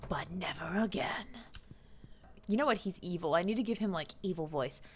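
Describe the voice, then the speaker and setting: A woman's voice: on the low side, quick pace, a little hiss or hum. A young woman hosting a casual gaming channel, commentating her play with frequent squeals and giggles. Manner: excitable, squeals and giggles often.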